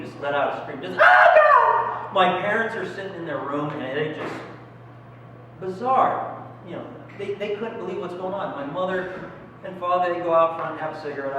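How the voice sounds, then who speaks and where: Man doing stand-up in an echoey hall. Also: medium pitch. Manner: self-deprecating storytelling, acting out squeals and pleas. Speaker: stand-up comedian. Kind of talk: stand-up comedy. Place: small comedy club. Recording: echoey hall, distant mic, room noise.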